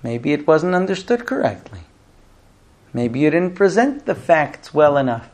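A man's voice: fairly high pitch, very animated, unhurried, a little mellow. A man teaching a Talmud class who explains cases and acts out little dialogues.

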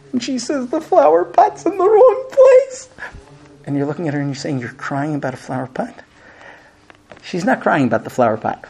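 Animated man lecturing a class. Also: fairly high pitch. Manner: humorous, acts out quoted dialogue, many fillers. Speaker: teacher giving marriage advice to grooms. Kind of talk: lively lecture to a small class. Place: room with a live audience.

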